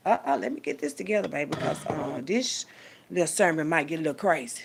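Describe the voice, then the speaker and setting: A woman delivering a profane, preachy rant as a little sermon, swinging between hushed asides and loud outbursts. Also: medium pitch, expressive, moderate pace, gravelly, a little hiss or hum. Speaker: vlogger giving a street sermon.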